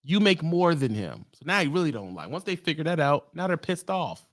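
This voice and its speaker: A man's voice: fairly high pitch, very animated, a little fast, fairly bright tone, no room sound, clean studio sound. A man ranting in a vlog, a truck driver speaking in a profane, heated, sarcastic way. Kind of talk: ranting monologue.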